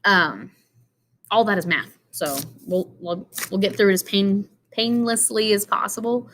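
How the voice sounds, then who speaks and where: Her voice sits at medium pitch, fairly bright and even, and her pace is a little slow, with a faint hiss or hum in the recording. A tired, yawning teacher, she gives an informal lesson over slides, loaded with fillers and digressions in a relaxed explanatory style.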